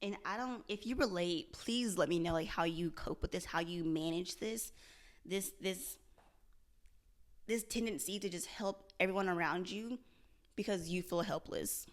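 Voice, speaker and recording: A woman's voice: on the low side, normal speed. A young woman vlogging candidly about her struggles, earnest and self-searching, often repeating and restarting her phrases. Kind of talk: candid confessional vlog.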